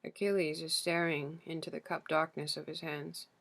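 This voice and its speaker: A woman narrating a literary novel in the first person, in a slow, measured storytelling manner. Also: deep voice, flat delivery, a bit bright. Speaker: audiobook narrator.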